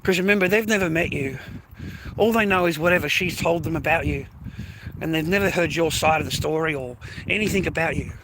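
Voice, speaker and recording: A man's voice: on the high side, brisk, background noise. An Australian man ranting straight to his viewers in a casual vlog, swearing heavily, repeating himself and calling them mate and boys. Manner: profane, repetitive, addresses viewers as mates and boys. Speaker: vlogger.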